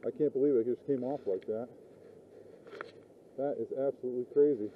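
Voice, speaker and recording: A man's voice: medium pitch, moderate pace, a little hiss or hum. A man narrating his fishing outdoors by a river, talking casually and rambling, swearing when things go wrong. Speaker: fishing vlogger. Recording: tinny lo-fi outdoor audio.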